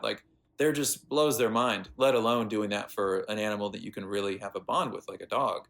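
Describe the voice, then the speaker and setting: An American man, a veterinarian guest, telling animated stories in a casual interview with plenty of fillers. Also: lowish voice, fairly quick, gravelly. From United States. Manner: animated anecdotes with lots of fillers.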